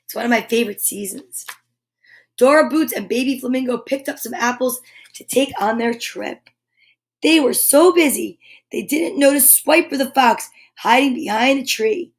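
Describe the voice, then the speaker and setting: In a high-pitched voice at moderate speed, a woman brings a children's picture book to life, chatting and breaking off for asides to her listeners.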